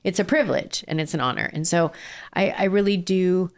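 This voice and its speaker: Guest spot: low-pitched, earnest middle-aged businesswoman, casual and a bit rambling. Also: brisk. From southern California. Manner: earnest, with frequent fillers and restarts. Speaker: ice cream company founder and CEO, guest. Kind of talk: casual interview.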